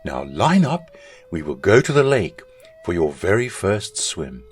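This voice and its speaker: A man's voice: fairly low pitch, sing-song, slow, faint music behind, pitched above the performer's own voice. A man voicing a caring but stern mother duck in a storybook reading. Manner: stern, scolding.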